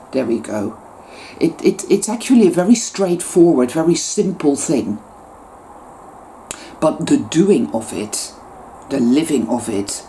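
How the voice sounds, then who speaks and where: A woman's voice: extremely low pitch, warm tone, a little hiss or hum. A woman YouTuber giving an impassioned spiritual monologue, swearing heavily and repeating words for emphasis.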